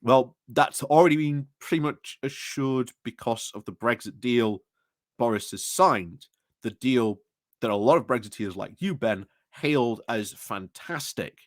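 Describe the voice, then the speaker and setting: A man's voice: medium pitch, unhurried, dry recording, studio quality. A man giving opinionated video commentary in a sarcastic, rambling way, chuckling at his own points. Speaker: political commentator.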